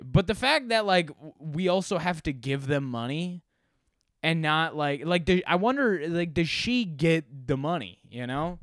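A man's voice: on the high side, animated, moderate pace, a bit bright, no room sound, clean studio sound. A young man hosting a podcast, telling a rambling, profane, exasperated story in casual monologue. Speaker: podcast host.

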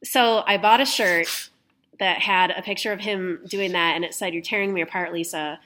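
A woman's voice: fairly low pitch, steady tone, normal speed, bright, forceful tone, slight background noise. A young adult woman hosting a podcast, telling stories in casual chat, laughing often and swearing casually. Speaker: podcast host.

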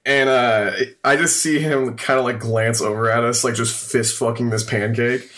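A man's voice: medium pitch, steady tone, normal speed, fairly bright tone. A young man co-hosting a podcast, telling funny stories in casual chat, swearing a lot and laughing often. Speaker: podcast co-host.

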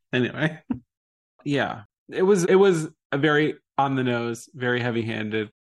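A man co-hosting a podcast in casual chat, excitable and quick to laugh. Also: medium pitch. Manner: excitable, laughs often, quotes scenes in funny voices. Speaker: podcast co-host.

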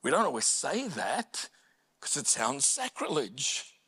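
Slow, bright-toned preaching man. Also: wildly swooping pitch, husky. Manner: earnest, rising to impassioned cries when voicing prayers; slow and deliberate, dropping low and quiet on personal points. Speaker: pastor. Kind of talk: sermon. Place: church.

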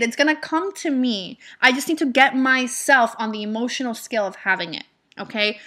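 Casting: woman motivational coach, higher voice, bright and punchy, blunt and repetitive. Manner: emphatic, repetitive, swears casually. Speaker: manifestation mentor. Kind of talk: motivational monologue.

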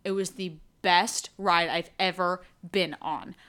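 A woman's voice: on the low side, fairly even intonation, slow pace, a bit bright, clean tone. A young woman co-hosting a podcast, telling stories in a rambling, casual way full of fillers. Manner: rambling storyteller with many fillers. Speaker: podcast co-host. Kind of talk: casual chat.

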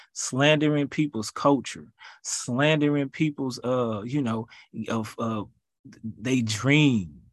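Guy preaching casual, repeats lines over and over, mid pitch, dry close sound. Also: dry recording. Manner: repetitive, rhythmic exhortation in casual slang. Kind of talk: informal preaching to a listener.

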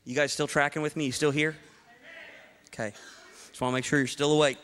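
A man's voice: on the high side, level tone, a little fast, a bit bright, long reverb tail. A male pastor preaching a sermon to a congregation, emphatic and rhetorical, with playful asides to the room. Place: church hall before a congregation.

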